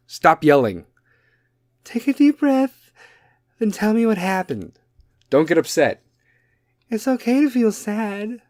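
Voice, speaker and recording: A man doing a mocking impression of a soft-spoken celebrity woman, with sugary, coddling gentleness. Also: sits high, no room sound, clean studio sound, pitched above the performer's own voice.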